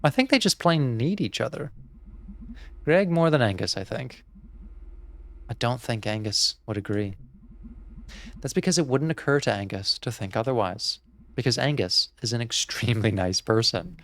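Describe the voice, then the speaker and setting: A therapist playing a video game, giving casual let's-play commentary in a playful, musing way and laughing often. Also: male voice, mid-range voice, lively intonation, normal speed, creaky, pauses often, fairly bright tone.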